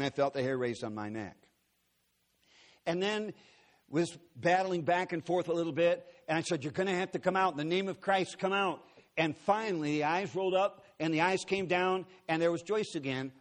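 A man preaches in a big auditorium, his voice pitched somewhat high. He tells his story earnestly and dramatically, acting out the quotes as he goes. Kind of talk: sermon storytelling. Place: large auditorium.

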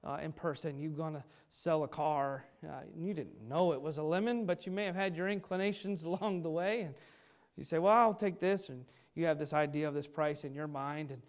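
A male pastor preaching a sermon in an animated way, acting out the speech of people he quotes. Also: fairly high pitch, brisk.

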